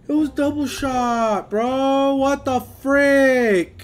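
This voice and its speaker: A young man giving gameplay commentary, excitable, swearing and yelling at the game, on a headset. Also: very high voice, measured pace. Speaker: gamer. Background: game music.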